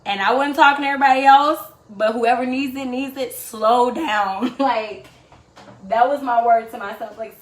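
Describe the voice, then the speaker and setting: Cooking at home on her show, a woman with a slightly high voice speaks at normal speed. Her chatty storytelling is sprinkled with laughs and asides to viewers, and the room sounds echoey with faint background noise.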